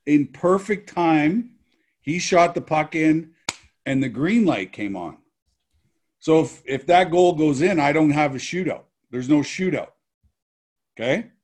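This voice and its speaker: Male guest, slow-paced, laid-back storyteller. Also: on the high side, lively intonation, darkish tone. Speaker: guest, former hockey player. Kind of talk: casual storytelling.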